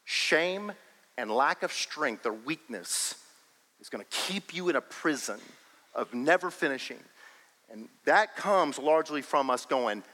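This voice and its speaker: A man preaching a sermon as pastor, emphatic and animated, often breaking into laughter. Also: fairly high pitch, measured pace, in a large hall, poor audio.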